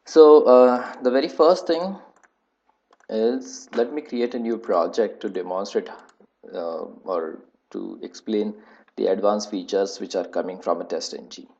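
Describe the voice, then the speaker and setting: A man teaching a live online software testing class, talking in a halting way with many fillers and repeated points. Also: fairly low pitch, creaky, muffled recording.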